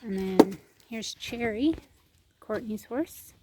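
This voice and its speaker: A woman's voice: lively intonation, takes it slowly, background noise. A woman giving a casual walking tour of her homestead outdoors, chatting and cooing to her animals. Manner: chatty, coos to animals in a higher voice. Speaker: homestead vlogger. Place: outdoors on a farm.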